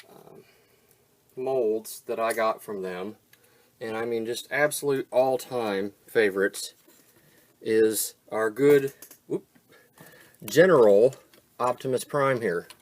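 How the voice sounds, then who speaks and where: An older man hosting a casual toy-review vlog, rambling and self-deprecating. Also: medium pitch.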